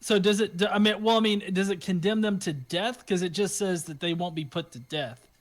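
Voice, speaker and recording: Blunt, joking man with a high voice, reads passages aloud. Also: fairly quick. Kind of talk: casual discussion, reading scripture aloud.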